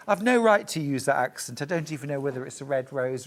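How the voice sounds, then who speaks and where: A woman's voice: a bass voice, expressive, quick pace, hardly any pauses. A middle-aged woman presenting crafts on a shopping channel, chatty, jokey and upbeat as she demonstrates products live.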